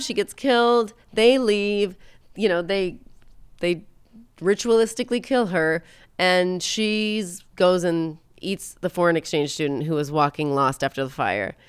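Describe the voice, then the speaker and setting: A woman with a smooth, somewhat low voice recaps a film for a podcast, jokey and animated as she tells it. She is recorded on a close mic in a dry room. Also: no echo. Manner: animated, jokey storytelling with quoted lines. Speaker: podcast host.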